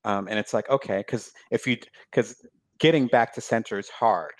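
A man speaks in a relaxed, reflective way about his work as an author, often pausing on fillers. His voice sits on the low side, and the sound is dry and close with no room echo. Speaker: author, guest. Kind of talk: casual conversation.

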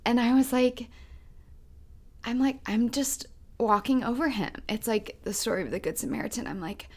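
A woman's voice: fairly high pitch, normal speed. A woman co-hosting a podcast, telling a personal story in an earnest, reflective casual chat. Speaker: podcast co-host.

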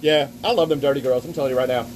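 A man's voice: medium pitch, rapid-fire, a little mellow, slight background noise, low-quality recording. A man hosting a podcast live at a restaurant, telling crude rambling stories with lots of "right?" between lines. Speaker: podcast host. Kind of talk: casual crude podcast banter.

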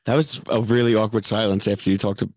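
Excitable, loud male podcast co-host. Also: on the low side, fast, husky, dry recording, studio quality. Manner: excitable, loud when promoting. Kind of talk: casual comedic chat.

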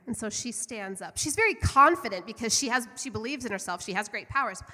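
Middle-aged woman, earnest storytelling sermon, mid-pitched, long hall reverb. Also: animated, normal speed, hardly any pauses, pushed and bright. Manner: earnest, fervent, conversational. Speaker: church speaker.

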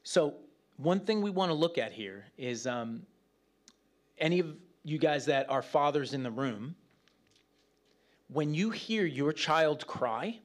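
A man preaching a conversational Bible teaching, animated and chatty, with joking asides to the room. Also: mid-range voice.

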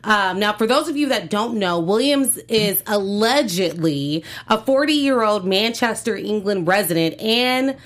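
A woman's voice: mid-range voice, lively intonation, a little slow, few pauses. A woman co-hosting a casual entertainment news show, chatty and loose, often laughing along. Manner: chatty, hedging with fillers and laughs. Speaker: co-host.

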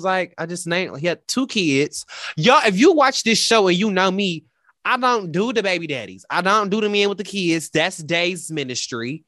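A man co-hosting a casual talk show, telling a personal story in a dramatic, animated way and quoting the people in it. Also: fairly high pitch, normal speed, no echo, studio quality. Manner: animated, dramatic retelling with quoted voices. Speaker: podcast co-host.

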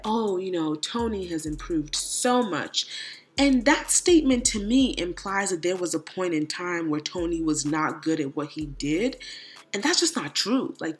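A young woman hosting her own podcast, chatting casually and sassily about college football, slipping into quick acted-out quotes. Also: medium pitch. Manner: sassy, animated, slangy, acts out quotes. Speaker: podcast host. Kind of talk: casual solo podcast commentary.

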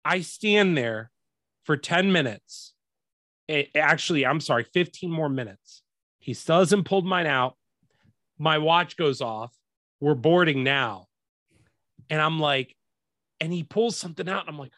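A man with a higher voice and a bright, forceful tone tells a story as a casual, exasperated rant full of swearing. He is a podcast host talking to his co-host, and the sound is dry and close. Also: lively intonation, normal speed, dry recording.

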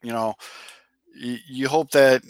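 A man at a middle pitch chats loosely about sports, starting sentences over and cursing now and then. The sound is close and dry, with no room around him. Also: steady tone, slow pace, clear, resonant tone, no echo. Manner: conversational, rambling with restarts and swearing. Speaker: podcast co-host. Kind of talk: casual sports talk.

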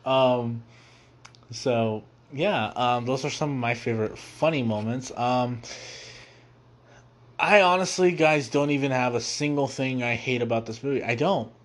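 A young man hosting a movie review show, rambling casually with many fillers and restarts, laughing as he quotes scenes. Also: medium pitch. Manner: laughs easily, quotes scenes in quick put-on voices.

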